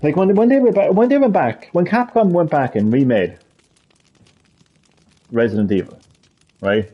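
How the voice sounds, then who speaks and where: A man with a husky, fairly high voice rants on his live stream, swearing often and stressing each point again and again. His pitch leaps around as he argues. The audio is dull and lo-fi. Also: expressive, moderate pace. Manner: swears a lot, emphatic and repetitive. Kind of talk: heated gaming rant.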